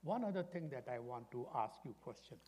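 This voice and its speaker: An older man preaching a sermon as pastor, dramatic and storytelling, dropping from loud emphasis to hushed whispers. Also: medium pitch, animated, fairly quick, breathy edge. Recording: long echoing hall reverb.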